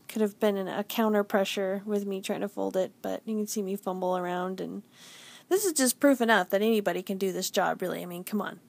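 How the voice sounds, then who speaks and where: A woman in her forties hosting a stamping craft tutorial, chatty and self-deprecating with many ums. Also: medium pitch. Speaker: stamping demonstrator and channel host. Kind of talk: casual craft tutorial narration.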